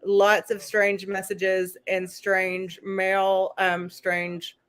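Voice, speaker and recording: A woman's voice: medium pitch, completely flat delivery, extremely slow, fairly bright tone, clear, resonant tone. Chatty woman recapping a documentary. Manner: chatty, reads letters aloud. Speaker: host. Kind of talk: casual live recap.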